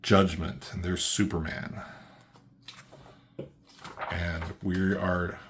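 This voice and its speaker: A man giving a casual, excited comic book review, swearing freely as he walks through the pages. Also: low voice, drawn-out words. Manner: excited, loose, swears often.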